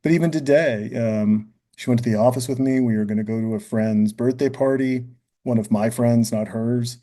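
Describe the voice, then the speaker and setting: A man's voice: medium pitch, fairly even intonation, moderate pace, dark tone. A man as a podcast guest, talking earnestly and thinking aloud, often adding "you know" and "right?". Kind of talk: reflective podcast conversation.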